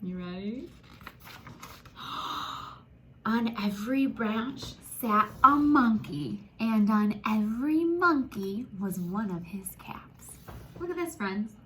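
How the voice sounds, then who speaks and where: A woman reading a children's picture book aloud, animated and gasping, talking to young listeners as friends. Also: fairly high pitch, slow, a little hiss or hum. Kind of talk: expressive children's story read-aloud.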